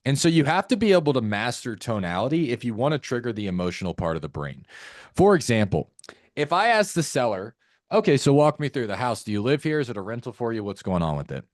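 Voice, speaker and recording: Energetic man coaching on sales calls. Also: medium pitch, quick pace, no echo, clean studio sound. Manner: energetic, acts out calls in shifting tones. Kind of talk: coaching talk to a live audience.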